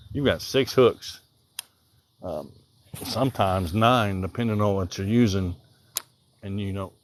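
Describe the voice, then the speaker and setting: A man from Southern Illinois with a mild Southern accent, chatting casually and rambling on a live stream while fishing outdoors. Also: fairly low pitch. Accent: Southern American. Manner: rambling, easygoing, thinks aloud, reads out viewer comments. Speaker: livestreaming angler. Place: outdoors by the water.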